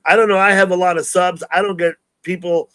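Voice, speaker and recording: Easygoing guy hosting a live stream, fairly high voice, dry close sound. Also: little pitch movement, brisk, fairly bright tone, smooth, no room sound. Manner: easygoing, greets viewers by name. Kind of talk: casual live stream chat.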